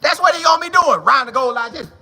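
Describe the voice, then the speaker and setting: A man hosting a sports talk show, chatting casually and answering viewer comments in a slangy, repetitive, animated way. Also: very high voice, fast talker.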